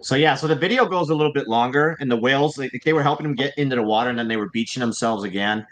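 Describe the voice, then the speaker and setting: A man's voice: medium pitch, rapid-fire, fairly bright tone, rough recording. A man hosting a casual, profane talk show, rambling through his theory with lots of "like" and "you know.". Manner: rambling, swearing, many fillers like "like". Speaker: host. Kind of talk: casual chat.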